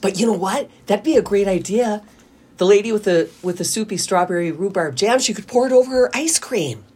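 A woman's voice: mid-range voice, lively intonation, fairly quick, darkish tone, husky. A woman co-hosting a radio talk show, chatting casually, teasing and laughing often. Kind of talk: casual on-air banter.

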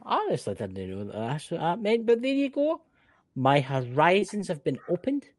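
A man's voice: fairly high pitch, moderate pace, no echo. A Scottish man from Scotland co-hosting a podcast, chatting casually with lots of exclaiming and restarts. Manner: animated, exclaiming, many restarts. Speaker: podcast co-host. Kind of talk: casual chat.

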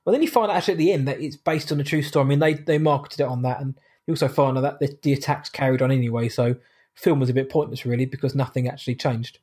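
A man's voice: medium pitch, steady tone, rapid-fire, darkish tone, slightly rough. A man co-hosting a podcast, rambling through a film's plot with wry asides. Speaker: podcast co-host. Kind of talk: casual film review chat.

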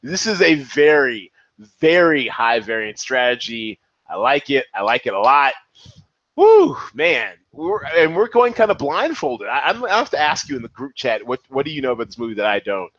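Excitable male podcast host, lively swinging pitch, dry and slightly dull recording. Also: brisk, no echo. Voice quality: excitable, animated. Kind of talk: casual commentary.

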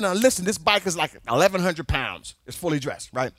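A man preaching a sermon, telling a personal story in an animated way and at times breaking into shouts. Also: on the high side, a little fast, hardly any pauses, no echo.

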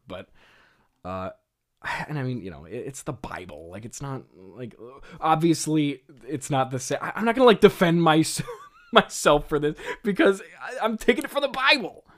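A man's voice: a little high, sing-song, moderate pace. A man in casual commentary, laughing often and self-mocking as he talks through his old script. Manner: giggly, frequent laughter and filler words. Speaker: writer reviewing his own old script.

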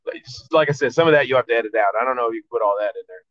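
A man's voice: mid-range voice, rapid-fire, fairly bright tone, dry recording. Man telling a profane story, dull sound. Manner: loose, profane, rambling storyteller. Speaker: podcast guest. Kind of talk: casual storytelling chat.

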